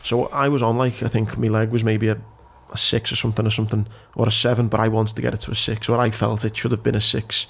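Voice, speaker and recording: A man from England, a podcast host and ex-Marine, telling a frank, animated story in casual chat. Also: on the low side, fast, gravelly, hardly any pauses.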